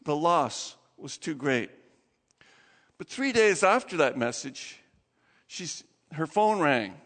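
A man preaching a sermon as pastor, telling stories in an animated way with laughs and acted-out quotes, in a church. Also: fairly high pitch, slow pace, long reverb tail.

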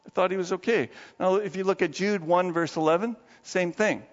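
A man's voice: high-pitched, brisk. A man preaching a sermon, telling a story in a casual, folksy way. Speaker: pastor. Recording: dull lo-fi echoey hall.

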